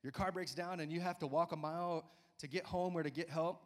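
A man in his forties preaching a sermon in a church, energetic and coaxing, often urging listeners with "come on.". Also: fairly high pitch, a little fast. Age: 40s. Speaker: pastor. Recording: church hall reverb.

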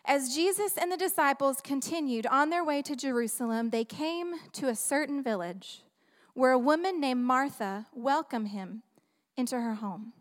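A woman preaching a sermon in an animated, humorous, conversational way, often asking the audience questions. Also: high-pitched. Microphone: handheld microphone. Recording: long reverb of a large hall.

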